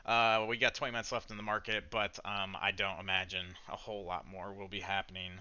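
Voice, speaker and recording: A man hosting a stock trading livestream, giving casual market commentary in excited, slangy chatter. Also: lowish voice, a little fast, clean tone, dull audio.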